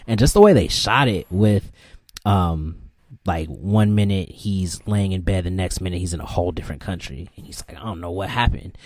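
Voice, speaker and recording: A young man co-hosting a podcast in casual chat, relaxed and profane as he recounts reactions. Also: low voice, normal speed, dry recording. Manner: relaxed, profane, laid-back storytelling. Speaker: podcast co-host.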